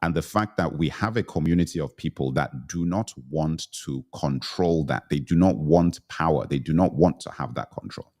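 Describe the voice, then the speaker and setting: A man's voice: rumbling low, normal speed, few pauses, darkish tone. A middle-aged man hosting a livestream discussion, talking earnestly and repeating phrases for emphasis. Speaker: livestream host.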